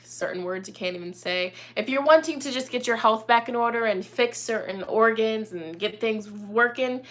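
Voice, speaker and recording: A young woman with a slightly high voice chats casually on a live stream as a tarot reader. She rambles in an upbeat, friendly way, leaning on fillers as she talks. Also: normal speed, a bit bright. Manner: chatty, upbeat, lots of fillers like "you know" and "like".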